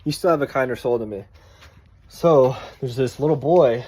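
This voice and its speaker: Young dad telling a story casually. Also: male voice, medium pitch, normal speed, mellow, breathy edge. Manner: loose and conversational, with fillers and swearing.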